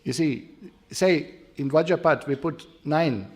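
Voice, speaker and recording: A man's voice: fairly high pitch, slow pace, slightly rough. A middle-aged man giving a devotional class lecture in non-native English, explaining with recitations and counting drills.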